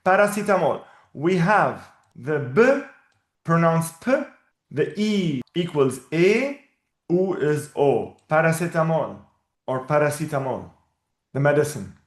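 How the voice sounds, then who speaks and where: Male teacher, slightly high voice, patient and explanatory; echoey room. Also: sing-song. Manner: patient, explanatory, repeats words slowly. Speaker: Arabic teacher. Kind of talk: one-on-one language lesson.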